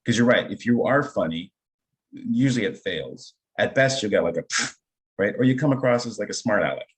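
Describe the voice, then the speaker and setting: A man with a fairly low voice talks in a relaxed interview, speaking as an improv teacher. He is middle-aged and enthusiastic, and he builds his points through personal stories. He keeps checking in with "right?" as he goes. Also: a little fast. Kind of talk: conversational interview storytelling.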